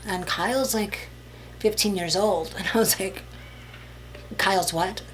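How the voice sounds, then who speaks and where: A young woman tells a storytime vlog in an emphatic, chatty way, full of fillers. Her pitch sits in a middle range. A faint hum runs under her voice. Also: normal speed, poor audio. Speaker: vlogger telling a story.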